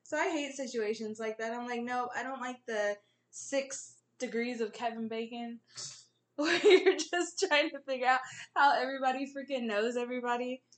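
A young adult woman co-hosting a casual chat, animated and giggly as she reacts. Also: fairly high pitch, normal speed. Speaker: podcast co-host.

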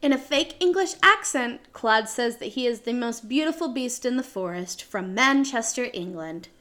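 Reading a show synopsis off a script, this female podcast co-host stumbles a little and fixes her own mistakes. She sounds animated and fairly bright, pitched fairly high, and speaks at an ordinary pace.

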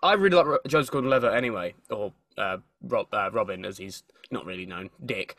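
Bright-voiced man rambling about movies. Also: fairly low pitch, expressive, a little fast, dry recording, studio quality. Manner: rambling, restarts often, swears casually. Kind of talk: casual chat.

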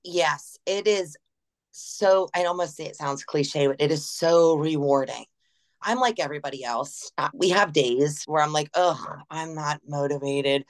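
A woman's voice: deep voice, normal speed. A woman, a gym's general manager, telling stories in an interview and acting out quotes as she goes. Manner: animated, laughing, acts out quotes. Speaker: gym general manager, guest. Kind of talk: casual interview storytelling.

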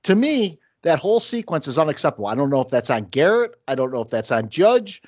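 A man's voice: a little high, very animated, fast, no room sound. A man co-hosting a casual sports podcast, arguing his points emphatically with rhetorical questions. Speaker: podcast co-host.

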